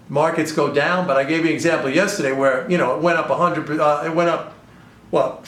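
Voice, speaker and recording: A man's voice: high voice, fairly bright tone. An older man hosting his own show, talking in a sarcastic, exasperated and rambling way. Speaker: podcast host and trader. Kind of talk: casual commentary monologue. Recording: echoey room.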